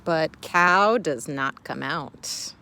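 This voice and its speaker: A woman teacher reading a picture book aloud to children in a playful, expressive way, then explaining a reading task. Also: deep voice, extremely slow, smooth.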